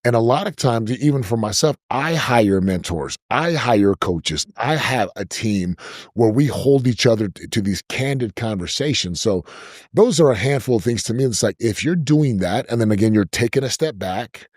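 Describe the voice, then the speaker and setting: A middle-aged man talking as a podcast guest, giving business advice in an energetic, emphatic way and repeating himself to stress a point. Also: mid-range voice, moderate pace, no room sound, clean studio sound. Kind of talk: conversational interview.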